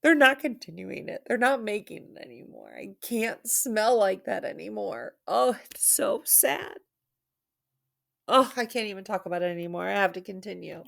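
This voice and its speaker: A woman's voice: medium pitch, animated, brisk, creaky, hardly any pauses. A woman teacher giving an online reading lesson for children, playful and theatrical, with dramatic mock sadness.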